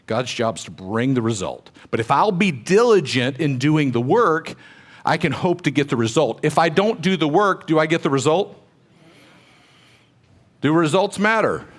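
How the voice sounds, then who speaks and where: A medium-pitched middle-aged man talks to a room of real estate agents, sharing personal stories conversationally and motivationally while asking the audience questions.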